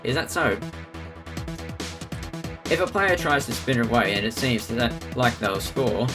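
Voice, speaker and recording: A man reading a visual novel aloud in a steady storytelling manner, narrating and speaking the hero's lines. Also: mid-range voice, measured pace, over music. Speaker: let's player.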